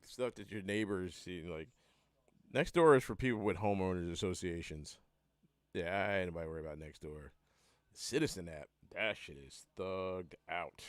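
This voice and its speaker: Philly-man, low voice, casual profane livestream rambler. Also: no echo, studio quality. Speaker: band member hosting a live hangout.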